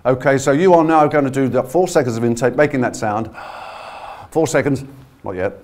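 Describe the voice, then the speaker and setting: A man leading a voice workshop, coaching a live audience through breathing exercises in an energetic, encouraging way. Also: mid-range voice, fairly quick, background noise. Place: conference room with a live audience. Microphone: no handheld mic, projecting to the room.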